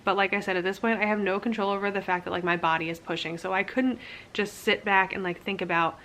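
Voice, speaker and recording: A woman's voice: medium pitch, fairly even intonation, fast, a bit bright, slight background noise. A young woman casually telling her birth story to camera, candid and chatty, full of "like" fillers and self-mocking laughs.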